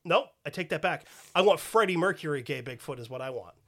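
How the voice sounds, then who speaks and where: A man's voice: on the high side, lively intonation, brisk, fairly bright tone. A man hosting a podcast in casual chat, profane and joking. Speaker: podcast host.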